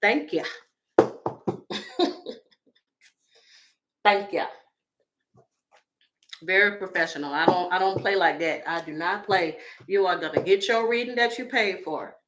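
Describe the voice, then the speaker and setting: Woman tarot reader, livestream host, bright edgy tone, blunt, salty, laughs a lot. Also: fairly low pitch, slow pace, long pauses, rough recording. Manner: blunt, profane and laughing, talking to viewers. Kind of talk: casual livestream chat.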